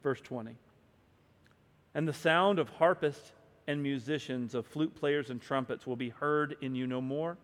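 A man preaching a sermon and reading scripture aloud, moving between hushed stretches and loud, emphatic ones. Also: medium pitch, a little slow. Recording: long hall reverb.

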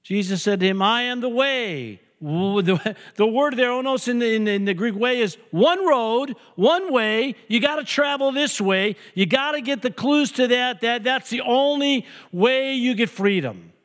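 An older man preaching a sermon as pastor, an animated storyteller who jokes and hammers points home with repetition. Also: very high voice, a little slow. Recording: long hall reverb.

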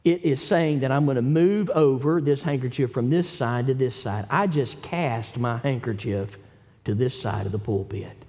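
A man preaching a sermon from a church pulpit, building from steady teaching into impassioned, emphatic calls to his listeners. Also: mid-range voice, moderate pace. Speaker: pastor. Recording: long hall reverb.

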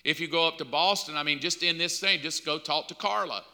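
A man's voice: on the high side, a little fast, bright, forceful tone. A man preaching a sermon as pastor in a conversational style, acting out bits of dialogue. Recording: long hall reverb.

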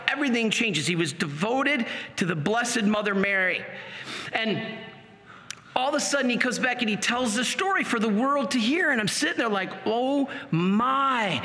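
A man telling a personal testimony in an animated, dramatic storytelling manner. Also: high voice. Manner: animated, dramatic storytelling with sudden pace shifts. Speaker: speaker giving a testimony. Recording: long hall reverb.

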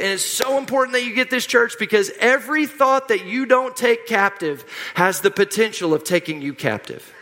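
A man's voice: high voice, moderate pace, few pauses, pushed and bright. A middle-aged man preaching a sermon, emphatic and repetitive, leading the congregation in call-and-response. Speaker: pastor. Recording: long hall reverb.

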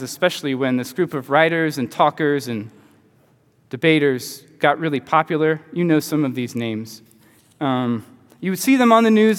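A man teaching a group in a relaxed, conversational lecture, often asking his listeners rhetorical questions. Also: a little high. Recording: long hall reverb.

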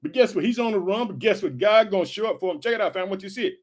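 A man's voice: high voice, lively intonation, quick pace. A man giving a casual sermon in a conversational way, repeatedly calling out short prompts to his listeners. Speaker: Bible teacher.

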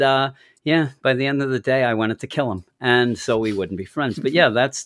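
A man's voice: dry recording, clean studio sound. A man co-hosting a casual comic book podcast, joking and acting out quotes. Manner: animated, jokey, acts out quotes with big pitch swings. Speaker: podcast co-host.

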